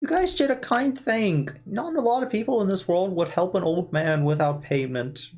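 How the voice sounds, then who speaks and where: A woman's voice: fairly low pitch, moderate pace, darkish tone, voice pushed up. A woman voicing a frail, frightened old human man who stammers and pleads. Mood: pleading.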